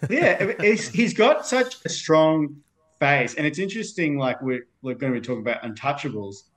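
A man's voice: a little high, expressive, moderate pace, a bit bright. An Australian man talking casually as a podcast guest, rambling and filling his sentences with "like". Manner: rambling, leans on "like" a lot. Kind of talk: casual film discussion.

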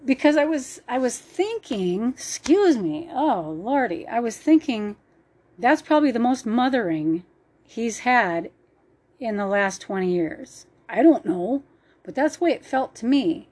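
A woman's voice: on the high side, big pitch swings, measured pace, darkish tone. A woman telling a personal faith story in an earnest, emotional way. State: choked up at times.

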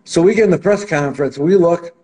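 A man as an interview guest, telling stories in a casual, animated way. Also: on the high side, a little fast. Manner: animated, acts out quotes in other voices. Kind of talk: casual anecdotal storytelling.

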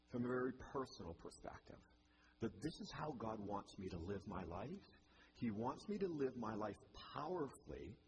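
A man's voice: medium pitch, noisy background. A male pastor giving a sermon in a church, with a conversational manner and wry asides.

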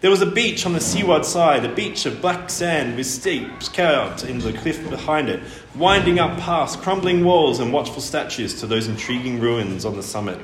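A man reading a children's storybook aloud, expressive and lively with his delivery. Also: mid-range voice, moderate pace. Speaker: audiobook reader. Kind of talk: storybook narration. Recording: roomy echo, faint noise.

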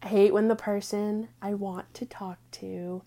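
A young woman rants to camera in a loose, unscripted vlog. She is blunt and foul-mouthed, leans on filler words, and sometimes drops to a hushed aside. Her pitch sits in a middle range. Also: little pitch movement, a little slow. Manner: blunt, crude, heavy on "like" fillers. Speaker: vlogger. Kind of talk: casual profane venting monologue.

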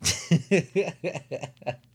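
A man's voice: a little high, extremely slow, breathy edge, dry recording, studio quality. A man hosting a comedy news podcast, riffing on stories in a loose, profane, rambling way with frequent chuckles. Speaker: podcast host.

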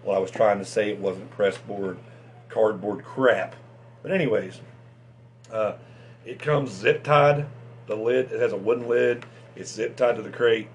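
A man hosting a fishing channel, chatting casually and excitably about tackle, with lots of restarts and fillers. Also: fairly low pitch, measured pace, slight background noise.

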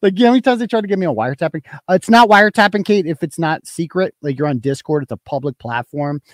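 A man's voice: fairly high pitch, lively intonation, fast talker, no echo, studio quality. A man hosting a live-stream commentary, ranting in a combative, profane way. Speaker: host.

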